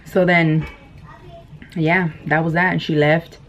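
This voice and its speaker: Eating on camera, a mukbang vlogger in her thirties chats through a story with lots of laughs and fillers. Her low voice barely moves in pitch, and she speaks at a measured pace, pausing often. The audio is dull, lo-fi camera sound with faint noise.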